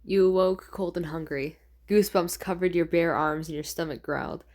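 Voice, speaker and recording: List: woman, twenties, reading fanfiction aloud, self-correcting, amused asides, slightly low voice. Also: moderate pace, darkish tone. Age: 20s. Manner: stumbles and corrects herself, laughs at her own writing. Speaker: fanfiction reader.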